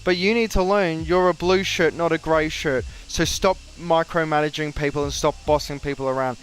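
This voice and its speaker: A young Australian man, a flight sim streamer, casually recounts a story about work, animatedly acting out what others said by quoting them in raised voices. His voice is a little high, his pace normal, with a little hiss or hum.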